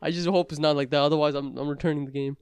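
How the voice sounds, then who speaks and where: A young man who is a little tipsy, chatting with friends and giving brash, blunt opinions. He talks quickly in a fairly high voice. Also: fairly even intonation, darkish tone. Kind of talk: casual chat among friends.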